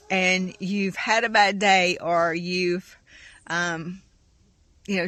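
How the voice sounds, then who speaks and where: A middle-aged woman with a drawl talks straight to her viewers about faith on her small-farm vlog. Her voice sits at a mid pitch, and she is openly emotional, rambling and sprinkling in y'all as she testifies. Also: pushed and bright, dry recording. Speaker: farm vlogger. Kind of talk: heartfelt testimony.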